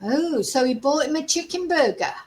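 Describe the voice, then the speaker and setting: This true crime livestream host is a middle-aged woman whose high voice has lively intonation at a normal pace. She chats in an exasperated way, laughing between remarks, over a low-quality recording.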